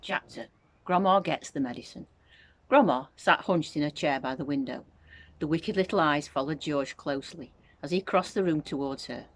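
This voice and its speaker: A woman teacher reading a children's book aloud with expressive storytelling. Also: deep voice, normal speed. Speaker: infant school teacher.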